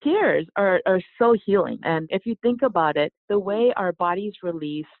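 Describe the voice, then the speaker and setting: A woman, a yoga teacher and author, explaining her ideas in a calm, earnest way as an interview guest. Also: fairly low pitch, normal speed, dry recording. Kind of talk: casual interview. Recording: tinny phone-like line.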